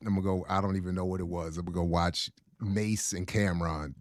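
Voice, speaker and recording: A man's voice: sits low, fast, no echo, studio quality. A man co-hosting a casual podcast chat, joking and laughing as he tells stories. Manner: laughing, joking, animated storytelling. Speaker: podcast co-host.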